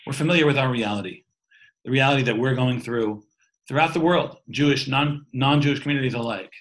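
A man's voice: medium pitch, brisk, low-quality recording. A man around forty leading a call-in class, giving an informal spiritual lecture. He talks conversationally, thinking aloud with restarts and fillers, and tells stories along the way. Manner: explains terms letter by letter, storytelling asides.

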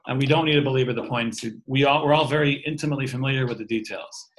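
A man around forty teaches a call-in class in an easygoing, conversational way. His voice sits at an ordinary middle pitch. He thinks aloud, restarts his sentences and drifts into personal stories. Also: fast talker, slight background noise, poor audio. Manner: explains terms letter by letter, storytelling asides. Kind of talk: informal spiritual lecture.

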